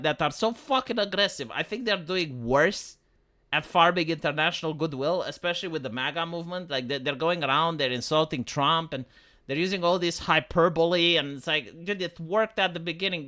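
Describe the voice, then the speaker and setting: A man's voice: on the high side, fairly quick, bright, forceful tone. A man talking on a livestream in a rambling, profane, mocking rant.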